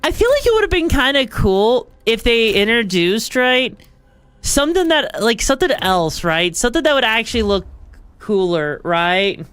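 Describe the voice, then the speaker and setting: Female streamer, higher voice, animated and rambly, casual play commentary. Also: moderate pace, clean tone, no echo. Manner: rambling, chatty, lots of fillers.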